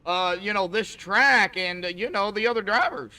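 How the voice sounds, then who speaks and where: A man hosts an online sim race broadcast, chatty and folksy, calling the drivers buddy as if they were old pals. His voice is high-pitched, pushed and bright, at a normal speed.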